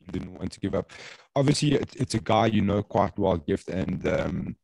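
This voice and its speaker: A man's voice: low voice, animated, moderate pace, vocal fry, a little mellow, no echo, low-quality recording. A man hosting a podcast interview, chatty and joking, with frequent restarts. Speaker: podcast host.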